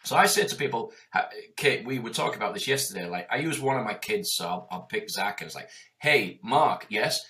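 A man's voice: on the low side, expressive, fast talker, hardly any pauses, bright, forceful tone. A man in his forties speaking in a passionate, emphatic and heavily profane conversational way as a guest. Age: 40s.

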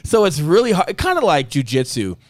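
A man's voice: a little high, brisk, no echo, studio quality. A middle-aged man and Marine veteran telling a story in casual chat, swearing a lot and acting out what others said. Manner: profane, animated, acts out quotes. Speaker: Marine veteran and podcast guest.

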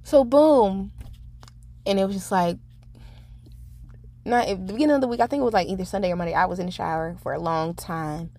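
A woman's voice: mid-range voice, brisk, pauses often, warm tone. A young woman in her twenties hosting her own podcast, talking in a rambling, candid way with lots of fillers and some swearing. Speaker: podcast host. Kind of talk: casual solo podcast monologue.

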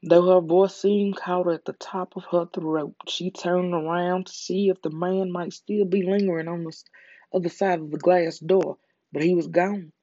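An ASMR storyteller with a Southern US accent reads a story in a calm, soothing way. The tone is mellow and close-miked, and the sound is dry. The recording is dull and lo-fi. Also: medium pitch, dry recording. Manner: calm, slow, soothing reading. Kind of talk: soft ASMR story reading.

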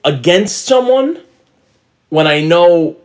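A man's voice: sits high, animated, slow. A man co-hosting a casual podcast chat, giving blunt, profane opinions and quoting people in his anecdotes. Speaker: podcast co-host.

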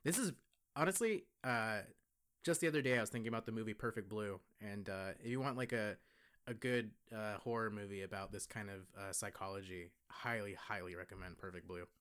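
A man's voice: fairly low pitch, fairly quick, fairly bright tone, clean tone. A young man co-hosting a podcast, talking in an easygoing, rambling way that often trails off. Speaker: podcast co-host. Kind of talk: casual podcast chat.

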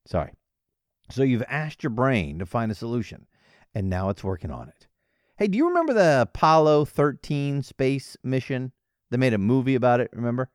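Male podcast host, lively up-and-down delivery, jokey, dry close sound. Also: mid-range voice, smooth, no room sound. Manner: playful, jokey, animated. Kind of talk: casual solo podcast monologue.

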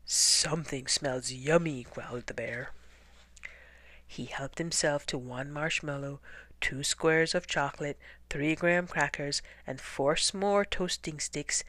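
A woman reads a children's picture book aloud in a soft, half-whispered voice. Her pace is very slow and her tone is bright and clear. The recording is close and dry, with no room around it. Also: deep voice, dry recording. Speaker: storybook reader. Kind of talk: children's story read-aloud.

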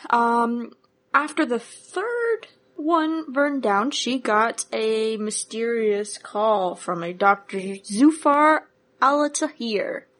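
A woman playing her character in a tabletop role-playing game, talking in a casual, laid-back, drawn-out way. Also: fairly high pitch, expressive, fairly bright tone. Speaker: player.

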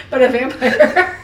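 A woman's voice: sits high, recorded from a distance. A woman co-hosting a podcast, chiming in with wry quips and frequent laughter. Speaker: podcast co-host. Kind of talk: casual podcast banter. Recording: echoey room, off-mic, noisy.

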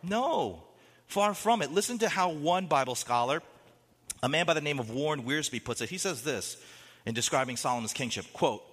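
A man preaching a sermon as a pastor, animated, with dramatic quotes and rising emphasis. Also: on the high side, normal speed, breathy edge, in a large hall.

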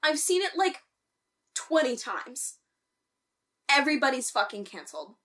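A woman co-hosting a casual podcast chat, animated and swearing freely, with loud outbursts. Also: sits high, a little slow. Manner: animated, swears a lot, bursts into loud outcries. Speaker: podcast co-host.

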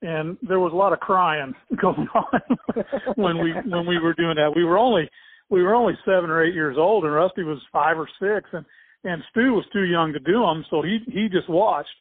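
An older man being interviewed, telling a family memory in a halting, rambling way with many restarts and small chuckles. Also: high voice. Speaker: interviewee, former swimmer and coach. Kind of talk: casual spoken recollection. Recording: tinny phone-like dry sound.

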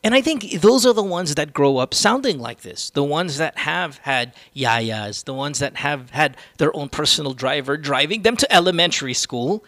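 A man's voice: fairly high pitch, expressive, normal speed, hardly any pauses, fairly bright tone, no echo, studio quality. A man hosting a podcast, ranting casually with strong opinions and plenty of swearing. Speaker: podcast host.

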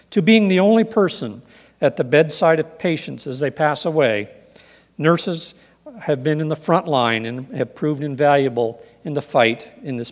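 A man preaching a sermon in an earnest, measured way, reading scripture and telling stories. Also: fairly high pitch, big-room sound. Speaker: pastor.

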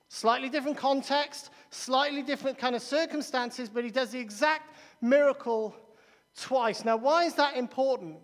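A man preaching a sermon in a church, emphatic and repeating key phrases, with quick restarts. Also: very high-pitched. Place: large church hall. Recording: long reverb of a large church hall.

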